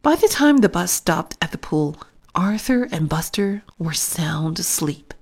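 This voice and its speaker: A woman reading a children's storybook aloud in an expressive, careful way. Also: on the low side, measured pace, breathy edge. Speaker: storybook narrator.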